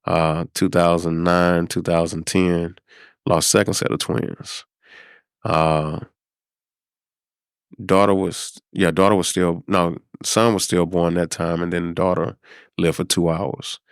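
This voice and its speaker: A middle-aged man from South Dallas, a podcast guest telling a personal story in an unhurried, reflective way, with many pauses and fillers. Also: low voice, level tone, clear, resonant tone, no echo, clean studio sound. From South Dallas, Texas. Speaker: podcast guest, former high school principal.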